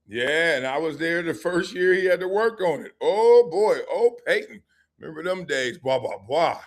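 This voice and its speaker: Animated middle-aged man spinning stories. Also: a little high. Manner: animated storytelling with laughs and quick asides. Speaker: sports show host, former football player. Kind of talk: live-stream sports talk.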